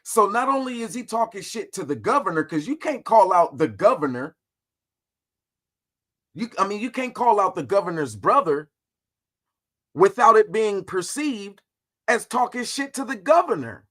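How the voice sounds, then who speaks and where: A man hosting a casual livestream, talking through history in a slangy, profane, animated way. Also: high voice, moderate pace, pauses often. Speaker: host.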